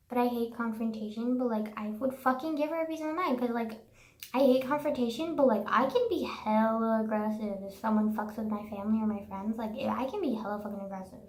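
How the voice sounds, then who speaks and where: A woman's voice: a little high, darkish tone. Profane, ranting young woman in an echoey room. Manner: profane, sarcastic, says "like" constantly. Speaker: vlogger. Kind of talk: casual ranting monologue.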